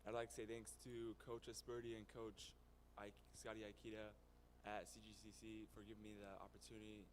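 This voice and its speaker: A man's voice: fairly low pitch, monotone, brisk, a little hiss or hum. A teenage boy, a student athlete, steadily listing his thanks to coaches and family. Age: teens. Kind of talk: thank-you speech.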